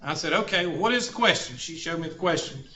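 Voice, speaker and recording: A math instructor lectures fast and expressively, his voice on the high side, bright and forceful, with a little hiss or hum underneath. He slips into folksy jokes and stories, and the classroom recording is roomy and dull.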